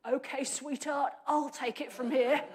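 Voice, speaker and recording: A woman's voice: sits high, steady tone, measured pace. A woman preacher voicing a swaggering, patronizing male action hero in a brief comic put-on. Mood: cocky. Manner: patronizing, cocky.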